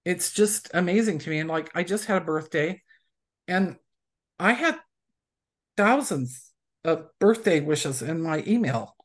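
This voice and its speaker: A woman's voice: lowish voice, lively intonation, measured pace, pauses often. A woman author chatting in an interview, telling anecdotes and acting out the people she quotes. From USA. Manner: chatty storyteller who acts out quoted people. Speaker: romance author, guest. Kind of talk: casual interview chat.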